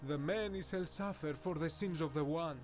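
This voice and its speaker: Man acting formal ancient Greek townsman, game character, high pitch, music in the background. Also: normal speed, natural voice. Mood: solemn. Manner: stately, formal, quotes old sages.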